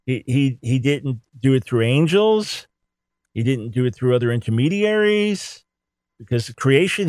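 A man's voice: medium pitch, very animated, a little slow, darkish tone, dry recording. A man giving an emphatic theology teaching talk, repeating words to drive points home. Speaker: Bible teacher.

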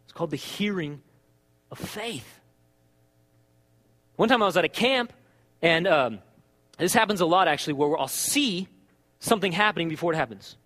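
Animated pastor preaching in a reverberant hall. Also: male voice, on the high side, normal speed, pauses often. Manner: animated storytelling, acts out dialogue. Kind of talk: sermon.

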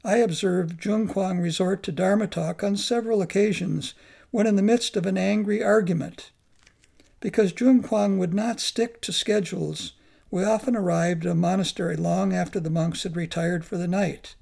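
Guy reading his memoir aloud, gravelly and raspy, calm and reflective. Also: high voice, moderate pace. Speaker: narrator. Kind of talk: memoir audiobook narration.

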